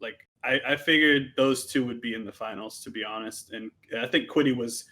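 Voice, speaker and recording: A man's voice: mid-range voice, moderate pace, pushed and bright. A man guest commentating a live game stream, agreeable and a little hesitant, with frequent restarts.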